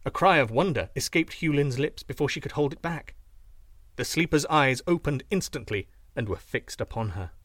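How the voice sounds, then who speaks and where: A man reading a children's fairy tale aloud, expressive and shifting voices for each character. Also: medium pitch, moderate pace, no echo, clean studio sound. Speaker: storyteller.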